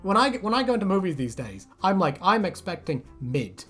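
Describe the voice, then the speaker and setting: A woman co-hosting a casual chat, animated and laughing often, breaking into silly voices. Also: medium pitch, quick pace, breathy edge, faint music behind. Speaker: co-host.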